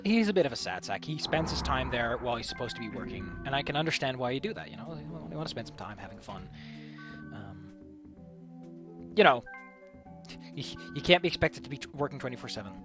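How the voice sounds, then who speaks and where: A man's voice: medium pitch, very animated, fairly quick, pauses often, over music. A man giving casual gameplay commentary, rambling and swearing freely as he tells a story. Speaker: let's play streamer.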